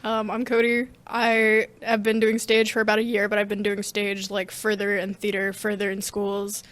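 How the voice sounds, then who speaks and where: A teenage girl, a student theater member, chatting as an interview guest in a rambling, slangy, animated way. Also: mid-range voice, moderate pace. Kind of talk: casual interview chat.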